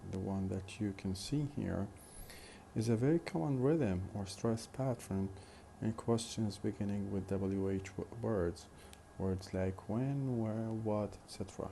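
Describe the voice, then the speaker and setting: A man teaching a phonetics lesson in a slow, deliberate way, repeating example questions. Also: fairly low pitch, vocal fry, mellow, a little hiss or hum. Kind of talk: recorded lecture.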